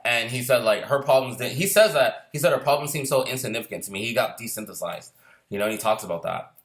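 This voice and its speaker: A man's voice: mid-range voice, fast, a bit bright. A middle-aged man, a screenwriter and former Marine, telling stories in casual chat, rambling and swearing freely, often restarting his sentences.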